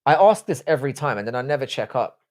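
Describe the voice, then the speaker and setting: A man's voice: medium pitch, very animated, fast, a little mellow. A man in his forties hosting a live stream, answering viewer chat in casual, blunt, profane, joking banter. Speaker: livestream host.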